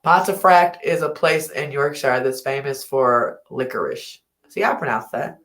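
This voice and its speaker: An extremely low-pitched woman with a fairly bright tone talks at a measured pace while hosting a casual late-night livestream from home. She rambles, laughs and gets drowsy, heard through a laptop or phone mic in an echoey room.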